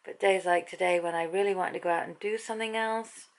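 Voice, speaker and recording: In a daily vlog, a middle-aged British woman chats candidly to her viewers from home. Her fairly low, creaky voice moves fast with fairly even intonation, and the audio quality is poor.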